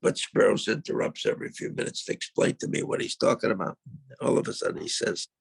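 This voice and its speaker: An older man, a guest, telling a casual story in a gravelly voice and acting out the dialogue. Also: medium pitch, quick pace, no echo. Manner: animated, acts out quoted dialogue.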